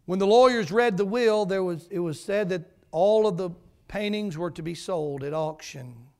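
A man's voice: high voice, moderate pace, clean tone. A male pastor preaching a sermon in a church, telling a story dramatically and then leading a prayer.

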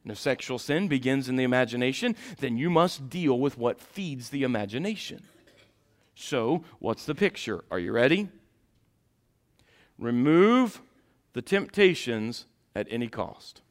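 Folksy and speaking straight to his congregation, this pastor shifts between quiet asides and loud, shouted stretches of his sermon. He talks unhurriedly at medium pitch with lively intonation.

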